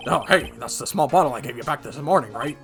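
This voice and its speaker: A man's voice: a little high, lively intonation, fast talker, over music. A man voicing a restless, eager male police detective who talks in a chummy way. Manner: chummy, calls people pal. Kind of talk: fan voice-over of a game.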